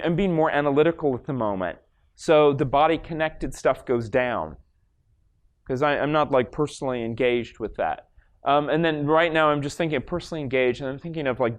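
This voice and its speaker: A man from Los Angeles giving a live stage presentation as a lecturer, casual and rambling, full of fillers and restarts. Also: a little high. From Los Angeles, USA. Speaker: lecturer demonstrating a brain scan. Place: stage in front of an audience.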